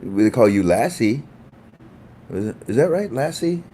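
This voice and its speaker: A man's voice: mid-range voice, sing-song, moderate pace, mellow, slight background noise. A man hosting a casual livestream, chatting with viewers in a playful, joking, rambling way. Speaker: livestream host.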